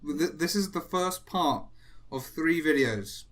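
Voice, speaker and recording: A man's voice: fairly high pitch, lively intonation, takes it slowly, fairly bright tone. A man hosting a casual chat while drawing, rambling and self-mocking with frequent chuckles. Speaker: host.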